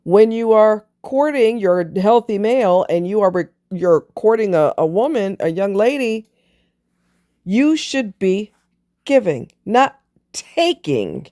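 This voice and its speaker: Her voice is mid-range and dark in tone, with lively intonation and a slow pace. As a relationship commentator, she delivers an emphatic, preachy opinion piece on relationships, swearing casually along the way.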